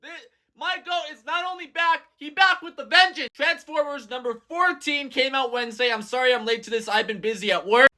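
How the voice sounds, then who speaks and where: A man vlogging a casual, rambling comic book recap in excitable slang. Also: very high voice, brisk.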